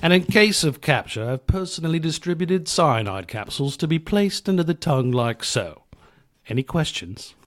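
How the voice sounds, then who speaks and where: A man putting on a put-on British accent to play a boastful male roadie telling a tall tale, in a deadpan way. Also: a little high, normal speed, dry recording, studio quality, voice pushed up. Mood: commanding.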